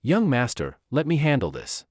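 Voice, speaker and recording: A man voicing a quick-witted servant coaxing a guard in a friendly way. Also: medium pitch, huge pitch swings, no room sound, clean studio sound. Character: quick-witted smooth-talking male servant.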